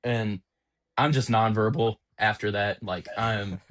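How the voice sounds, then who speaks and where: A young man on a podcast, an auto technician telling an animated, exasperated story about a workplace prank. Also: on the low side, measured pace. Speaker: podcast co-host, automotive technician. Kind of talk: casual storytelling chat.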